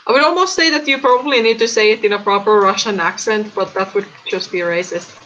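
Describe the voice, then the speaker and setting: Bright-voiced woman co-host. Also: mid-range voice, fast. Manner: chatty, stumbles over usernames. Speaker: stream co-host. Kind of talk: casual livestream chat. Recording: dull lo-fi stream audio.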